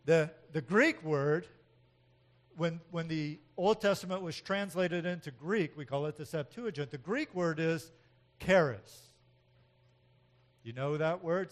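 A man preaching a sermon in an animated way, swinging from loud emphatic outbursts to quiet asides, with frequent chuckles. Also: fairly high pitch. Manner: chuckles often between points. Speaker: pastor.

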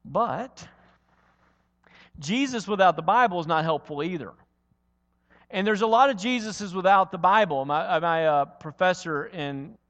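A male preacher with a notably high voice delivers an earnest sermon. He tells stories and drives points home with repeated phrases. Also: a bit bright, long reverb tail. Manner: earnest, storytelling, with rhetorical repetition.

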